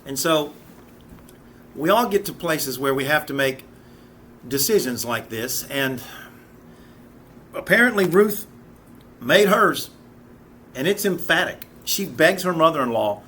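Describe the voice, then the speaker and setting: A man's voice: a little high, expressive, measured pace, pauses often, bright, forceful tone, a little hiss or hum. A man in his fifties teaching a Bible study in an earnest, conversational way, often restarting and repeating words. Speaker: Sunday school teacher.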